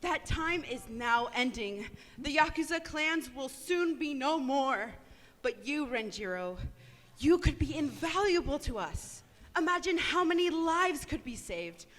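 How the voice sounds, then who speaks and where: Woman reading lines slow and careful, high bright voice, echoey hall. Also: lively intonation. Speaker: audience volunteer. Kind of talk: script reading for a workshop. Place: convention panel room.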